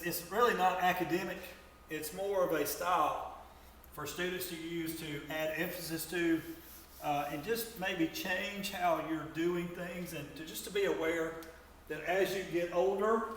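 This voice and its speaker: A male teacher giving a grammar lesson to students, talking in a halting way and often repeating words as he explains. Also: a little high. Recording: echoey room from far off, faint noise.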